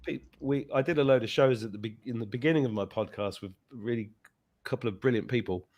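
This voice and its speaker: Animated and chatty, a man hosts a podcast and acts out the voices of characters in his story. He speaks quickly with a medium-pitched voice.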